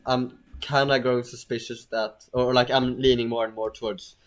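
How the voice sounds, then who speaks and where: Man commentating his own gameplay, halting, restarts sentences constantly, mid pitch. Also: level tone. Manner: rambling, hesitant, stammers and restarts often. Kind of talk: casual let's-play commentary.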